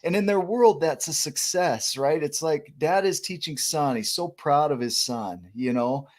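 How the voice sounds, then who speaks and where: A man hosting a casual chat, easygoing and jokey, often affirming with quick yeahs. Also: a little high, animated, darkish tone. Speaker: host.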